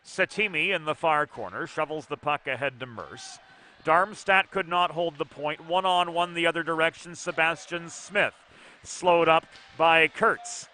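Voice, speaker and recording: A man calling youth hockey play-by-play from an arena, brisk and precise with dry asides. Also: a little high, pushed and bright. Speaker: play-by-play commentator. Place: ice arena broadcast position.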